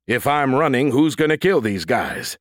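A man's voice: medium pitch, sing-song, normal speed, no room sound, clean studio sound. A man playing a cocky wisecracking android. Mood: cocky, joking. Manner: cocky, joking banter with stammered "R-, Roger". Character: wisecracking male battle android, cocky and eager to fight.

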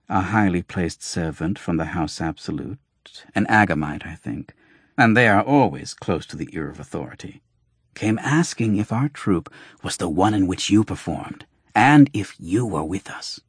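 A sly, fox-faced doctor and traveling showman, voiced by a man in an audiobook, speaks with wry, mocking ease. The voice sits low and husky. The sound is close and dry. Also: lively intonation, moderate pace, no room sound, exaggerated voice. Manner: wry, mocking, flowing speech. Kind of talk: audiobook reading.

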